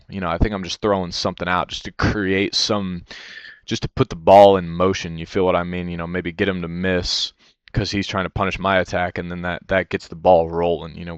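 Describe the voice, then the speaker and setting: Deep-voiced man rambling over a replay. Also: clean tone, no room sound, highs cut off. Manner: rambling, self-critical, swears a lot, fillers "you know". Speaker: player reviewing his own match. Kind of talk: casual game review commentary. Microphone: headset.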